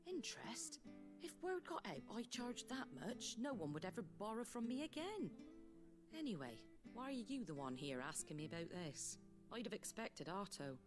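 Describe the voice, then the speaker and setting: A woman's voice: fairly high pitch, sing-song, normal speed, over music. An actress voicing a shrewd, folksy female moneylender who talks in a wry, chatty way in a video game. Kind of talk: game voice acting.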